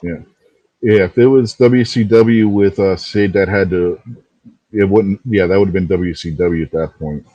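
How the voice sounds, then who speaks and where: A man's voice: sits low, fairly even intonation, moderate pace, mellow, no room sound, dull audio. A man co-hosting a casual wrestling talk show, rambling a little and laughing easily as he talks. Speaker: podcast co-host.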